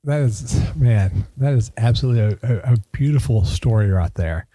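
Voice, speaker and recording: A man's voice: mid-range voice, lively intonation, normal speed, mellow, no echo. A man hosting a podcast in casual chat, effusive and laughing often. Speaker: podcast host.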